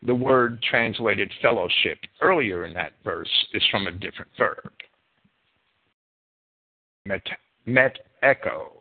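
A man with a New Jersey accent teaching a Bible sermon, emphatic and deliberate, stretching his key words. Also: lowish voice, vocal fry. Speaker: preacher. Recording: phone-like narrow sound.

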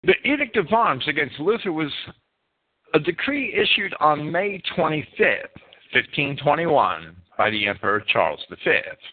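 Lively man narrating history, tinny sound. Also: on the high side, normal speed. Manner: lively, swooping emphasis with self-corrections. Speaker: history series presenter. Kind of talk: read narration of a history lesson. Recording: tinny phone-like band.

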